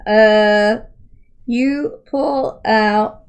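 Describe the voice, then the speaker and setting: A woman's voice: on the high side, takes it slowly, fairly bright tone. A woman narrating as game master in a tabletop role-playing game, rambling and giggly.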